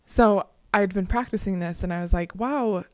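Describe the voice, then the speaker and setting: A woman's voice: medium pitch, moderate pace, no room sound. Woman co-host telling a story, dry sound. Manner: storytelling, animated with laughs. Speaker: podcast co-host. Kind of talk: casual chat.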